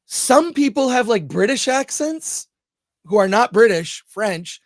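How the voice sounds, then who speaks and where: A man's voice: very high-pitched, expressive, measured pace, no room sound, clean studio sound. Rambling, enthusiastic male film reviewer. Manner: enthusiastic, rambling, thinks aloud. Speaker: film review show host. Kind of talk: casual film review chat.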